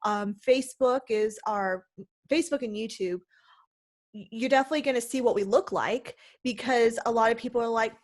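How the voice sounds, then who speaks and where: Bubbly lady cohost, slightly higher voice, chatty and excited. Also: brisk. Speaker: podcast co-host. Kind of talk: casual podcast chat.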